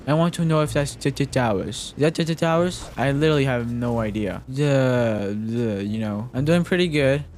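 A young man giving frantic, jokey commentary while playing a game, repeating himself and yelping when he gets startled. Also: medium pitch. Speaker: gaming commentator. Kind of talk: casual gameplay commentary.

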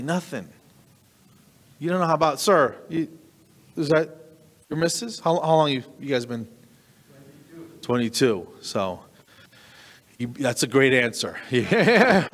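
A man in his fifties doing a stand-up comedy set, deadpan and self-deprecating, with halting starts and restarts. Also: medium pitch, big-room sound. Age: 50s.

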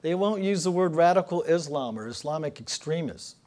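A man's voice: a little high, animated, a little fast, a little mellow. A man giving a public lecture, telling jokes with dry storytelling and building each one to its punchline. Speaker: political cartoonist giving a lecture. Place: lecture hall before an audience.

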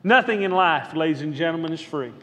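Brief male pastor, higher-pitched voice, rhythmic call-and-response preaching, long church reverb. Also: expressive, a little fast, sharp tone. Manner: rhythmic repetition, calls out to the congregation for response. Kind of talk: sermon. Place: church sanctuary.

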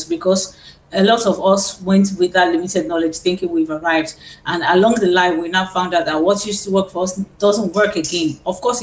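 Female voice teacher, explanatory and repetitive, recorded on a phone in a roomy space. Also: lowish voice. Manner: explanatory, repeats words while thinking. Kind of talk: live-stream singing lesson. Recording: roomy phone live stream with faint hiss.

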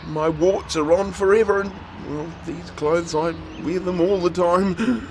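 A man voicing a lonely, gentle real witch who talks in a wistful, pleading way. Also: very high-pitched, huge pitch swings, a little slow, gravelly, background noise, voice pushed up, exaggerated voice.

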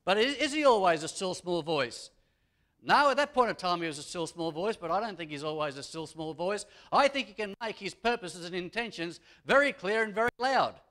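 A man preaching from the pulpit in a fairly high voice. He is a pastor who repeats his key lines and lets his delivery swell for emphasis. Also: animated, a little fast, fairly bright tone. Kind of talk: sermon. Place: church.

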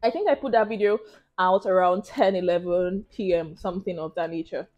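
A woman's voice: fairly low pitch, fairly quick, dull audio, faint music behind. A young woman with a Nigerian accent, chatting casually to viewers in a question-and-answer vlog and laughing often. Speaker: YouTuber.

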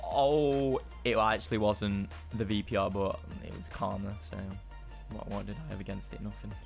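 A young man giving casual, excitable commentary over his own gameplay, swinging between frustrated outbursts and self-mocking asides. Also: fairly low pitch, normal speed, gravelly, music in the background. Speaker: gaming channel host.

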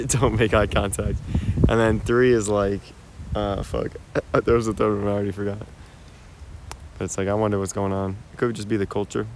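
A man's voice: fairly low pitch, level tone, normal speed, slight background noise. A young American man livestreaming outdoors as he walks, chatting to viewers in a laid-back, slangy way and laughing often, recorded on a phone. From United States. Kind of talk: casual live-stream chat. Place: outdoors in a park-like cemetery.

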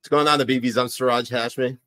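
A man's voice: mid-range voice, steady tone, fast talker, bright, forceful tone. A man co-hosting an irreverent political podcast, opening the show in a laid-back, mock-solemn way. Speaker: podcast co-host. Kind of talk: casual irreverent chat.

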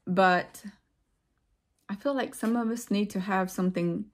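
A woman vlogger talking casually and earnestly to her viewers. She rambles and reflects, repeats words for emphasis, and drifts into pauses. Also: medium pitch, steady tone. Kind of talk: casual heartfelt monologue to viewers.

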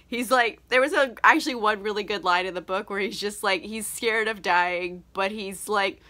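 A woman's voice: mid-range voice, normal speed, few pauses, pushed and bright. Laughing, tipsy woman recapping a book. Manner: chatty, laughing, lots of swearing and "like". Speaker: book reviewer.

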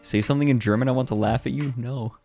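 An American man chatting casually on a livestream, playful and quick to laugh. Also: mid-range voice, vocal fry, soft background music. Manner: laughs a lot, playful, lively. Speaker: streamer.

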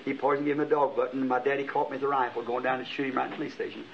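A man's voice: mid-range voice, level tone, rapid-fire, vocal fry, slight background noise. A middle-aged man preaching a sermon, telling a vision as a story with impassioned rising exclamations. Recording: dull lo-fi archival tape.

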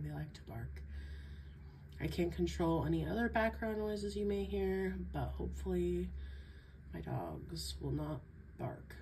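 A woman talks in an unhurried, relaxed way, sounding stuffy and congested from a sinus infection. Her voice sits a little low, and faint room noise hums behind her. She chats casually to her viewers at home and chuckles often. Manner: chatty, chuckles often, stumbles over words. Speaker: coloring book YouTuber. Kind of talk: casual vlog chat.

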